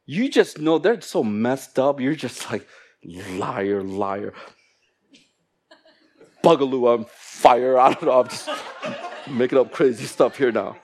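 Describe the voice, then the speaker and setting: A man preaching a sermon in a church, animated, breaking into little acted exchanges in different voices. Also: medium pitch, moderate pace, husky. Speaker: pastor.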